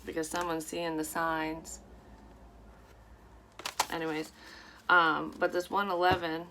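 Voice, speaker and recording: Rambling, low-voiced woman reading cards. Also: level tone, takes it slowly, noisy background. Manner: rambling, frank, swears often. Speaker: psychic tarot reader. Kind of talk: casual tarot reading to camera.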